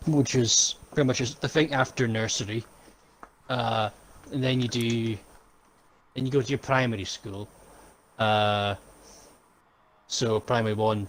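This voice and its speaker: A man's voice: fairly low pitch, a little hiss or hum, poor audio. A young man co-hosting a casual podcast chat, rambling and jokey, swearing often. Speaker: podcast co-host.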